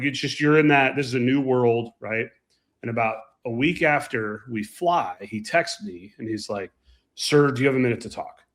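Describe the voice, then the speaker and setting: Animated man telling pilot stories. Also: mid-range voice. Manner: animated, emphatic anecdotes. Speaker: podcast co-host and pilot. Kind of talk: casual chat, storytelling.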